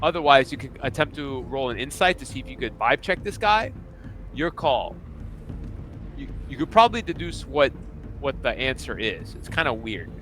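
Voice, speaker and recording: A man's voice: mid-range voice, big pitch swings, normal speed, fairly bright tone, soft background music. A man narrating as game master in a tabletop fantasy game, speaking casually and loosely with fillers like "kinda" and "like.".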